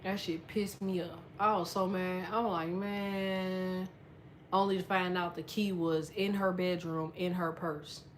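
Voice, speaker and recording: A woman's voice: on the low side, slight background noise. A woman telling a personal story in a casual monologue, blunt and swearing constantly. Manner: lively storyteller, quietens when telling sad parts. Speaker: astrology content creator.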